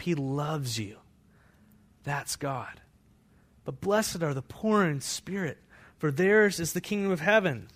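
A pastor preaching a sermon, moving between hushed, intimate passages and loud, fervent scripture readings. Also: male voice, on the high side. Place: church.

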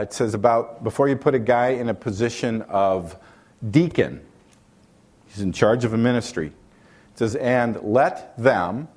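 Preaching man with a dramatic swing. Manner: preaching with wide swings in pitch and loudness, reading scripture aloud. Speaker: pastor. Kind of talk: sermon.

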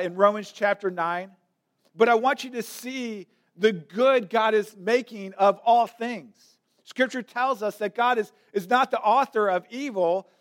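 A man with a high-pitched voice preaching a sermon. He speaks emphatically and often repeats words as he drives a point home. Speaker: pastor.

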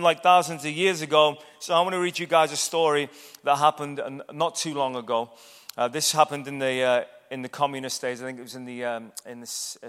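A man's voice: medium pitch, a bit bright, clear, resonant tone. Man preaching in an echoing hall. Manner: conversational, with tag questions like "yeah?". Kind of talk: sermon. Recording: echoey hall.

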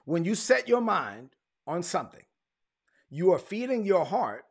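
A man preaches with emphatic repetition, leaning on key words by slowing right down. His voice sits high and husky, with a gravelly fry running through it. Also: big pitch swings. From Brooklyn, United States. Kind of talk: sermon.

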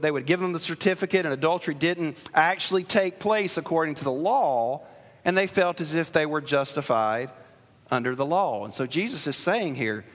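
In a large hall with long reverb, a male pastor delivers a sermon in a voice that is a little high and fairly bright. He preaches earnestly and emphatically, frequently restarting his phrases.

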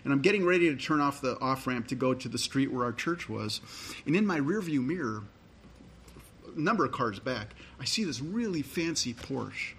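A man's voice: mid-range voice, expressive, moderate pace, a bit bright, a little hiss or hum. A middle-aged man, a pastor, preaching a sermon in a conversational storytelling way and reading scripture aloud.

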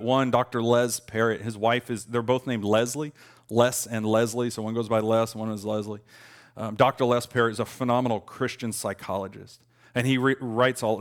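A man in his thirties preaching a conversational, earnest sermon, lifting his voice when he quotes a lament. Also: mid-range voice. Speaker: pastor.

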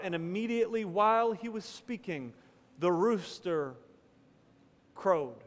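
A man, a pastor, preaching a sermon with dramatic pauses, dropping from loud to hushed and breaking into casual storytelling. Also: high voice, animated. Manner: casual storytelling with quick asides. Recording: long hall reverb.

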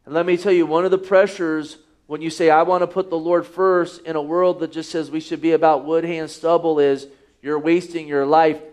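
Man, high voice, preaching a sermon, reads scripture aloud, rhetorical questions. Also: little pitch movement, normal speed, darkish tone. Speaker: pastor.

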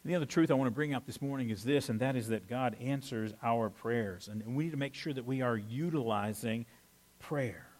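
A pastor preaching a conversational sermon, animated with playful asides. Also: male voice, mid-range voice, a little fast.

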